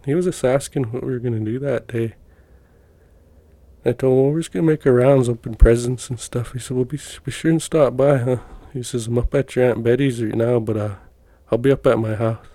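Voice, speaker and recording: Folksy man telling stories, warm voice. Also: mid-range voice, fairly even intonation, a little fast, no room sound. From Montana. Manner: rambling, folksy, many fillers and restarts. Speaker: podcast guest telling personal stories. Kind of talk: casual storytelling.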